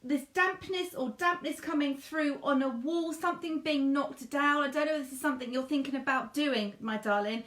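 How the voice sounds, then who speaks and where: High-voiced medium in an echoey room. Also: female voice, normal speed, few pauses. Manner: warm, chatty, endearments to viewers; gushing, repetitive phrasing. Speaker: psychic medium. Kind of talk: live-stream medium reading.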